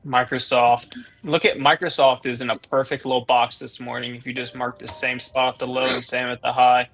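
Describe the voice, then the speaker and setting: A man's voice: medium pitch, flat delivery, fairly bright tone. Upbeat man calling stock setups. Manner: quick, upbeat market commentary with laughs. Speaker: trading stream host. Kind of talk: casual trading chat.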